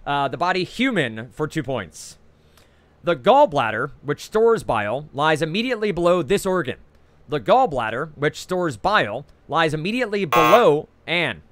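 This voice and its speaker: Animated Jersey-accented trivia host. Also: male voice, a little high, dry recording. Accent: New Jersey. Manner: reads each clue twice, brisk and chatty, with frequent "uh". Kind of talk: reading trivia clues and scoring.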